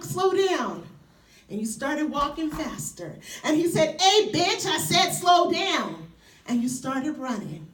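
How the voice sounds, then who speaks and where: A woman performs spoken word live, tender one moment and playful the next. Her high voice rises and falls with wide swings. She sounds far from the mic in an echoey hall. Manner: tender, playful and animated, laughing often. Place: university event hall, before an audience.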